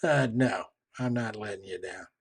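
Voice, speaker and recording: A man's voice: fairly low pitch, normal speed, creaky, breathy edge. A man voicing a little girl who teasingly refuses to let her friend down.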